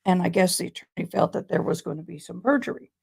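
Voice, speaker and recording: A woman's voice: on the low side, quick pace, creaky, a little mellow, slightly rough. A woman vlogger talking casually to her viewers about a trial, in a rambling, conversational way. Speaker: true crime vlogger.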